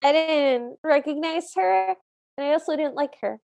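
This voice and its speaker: A podcast co-host with a high, bright-pitched voice chats casually with her friend. She speaks earnestly and says plainly what she does and doesn't like. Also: normal speed, creaky, muffled recording. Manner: earnest, opinionated, frank about likes and dislikes. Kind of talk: casual chat.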